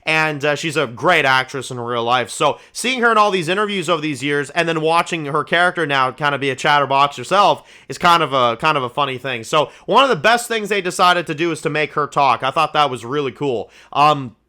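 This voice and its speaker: A man hosting his own review channel, talking through a show in a casual, rambling, excitable way, with lots of swearing and "you know"s. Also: a little high, brisk, hardly any pauses.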